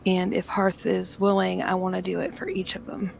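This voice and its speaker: Woman playing a tabletop game, super fry-heavy voice, says like a lot. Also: fairly low pitch, completely flat delivery, normal speed, a little hiss or hum, rough recording. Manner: casual, with fillers like "kinda" and "like". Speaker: player. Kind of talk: tabletop role-play, describing her character's actions.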